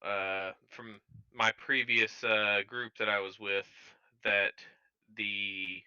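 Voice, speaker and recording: A man's voice: lowish voice, little pitch movement, slow pace, pushed and bright, smooth. A man playing a tabletop game, speaking in character in a hesitant way, on dull, lo-fi voice chat audio. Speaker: player.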